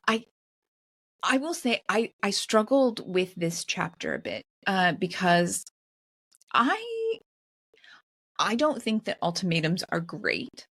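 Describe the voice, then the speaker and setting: A woman's voice: fairly low pitch, fairly bright tone, husky, dry recording. A middle-aged woman co-hosting a casual book club podcast, thinking aloud with many restarts and fillers. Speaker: podcast co-host.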